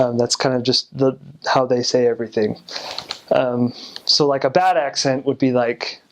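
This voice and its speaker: Young american guy, ex-missionary, lots of um and like, kinda hesitant, average pitch. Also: normal speed. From United States. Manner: hesitant, many fillers and restarts. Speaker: returned missionary. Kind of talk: casual explanation.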